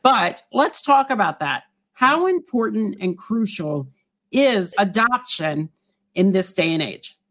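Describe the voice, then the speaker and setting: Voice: mid-range voice, very animated, slow pace, pushed and bright. A talk show host with a Southern US accent who reflects on the guests' story and leads questions in a conversational way. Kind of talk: conversational interview hosting.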